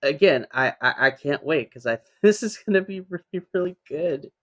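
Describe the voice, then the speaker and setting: A podcast co-host chatting casually and enthusiastically about a wrestling show, with quick asides. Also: medium pitch, lively intonation, a bit bright. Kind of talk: casual wrestling review chat.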